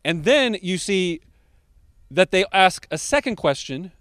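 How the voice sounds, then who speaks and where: A man preaching a sermon as pastor, slowing down to stress key words. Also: high-pitched, very animated, fairly bright tone, no room sound, clean studio sound.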